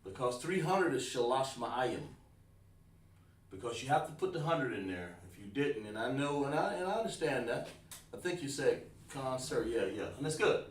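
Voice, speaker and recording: A man's voice: mid-range voice, expressive, moderate pace. A man teaching a Hebrew counting class in a casual, informal way, often repeating himself and saying "man". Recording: roomy, distant mic.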